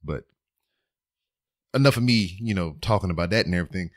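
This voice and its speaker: A man's voice: low voice, expressive, fairly quick, dry recording, studio quality. A man hosting his own podcast from home, rambling in a playful, casual way with joking asides. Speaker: podcast host. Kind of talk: casual solo podcast monologue.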